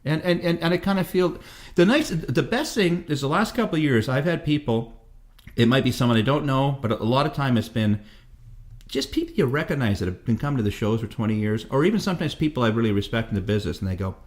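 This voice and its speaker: A man's voice: medium pitch, expressive, fast. A man in his fifties, a guest musician in a casual interview, telling rambling stories and swearing freely. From Canada. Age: 50s. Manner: profane, rambling storyteller.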